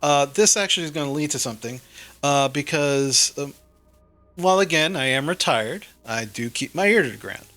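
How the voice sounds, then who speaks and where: A man's voice: fairly high pitch, expressive, moderate pace, fairly bright tone, soft background music. A man voicing a blunt, businesslike retired older man who rambles with many fillers.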